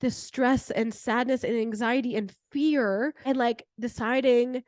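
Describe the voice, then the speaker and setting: A young adult woman hosting a podcast, telling a personal story in a chatty, animated way with many "like" fillers. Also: fairly high pitch, slow pace, dry recording, studio quality. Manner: chatty, heavy use of "like" fillers; animated retelling with laughter. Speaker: podcast host.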